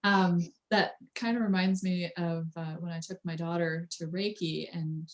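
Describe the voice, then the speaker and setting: A woman's voice: on the low side, steady tone, moderate pace. A woman in her thirties hosting a casual interview, chatting with frequent fillers and restarts. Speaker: host.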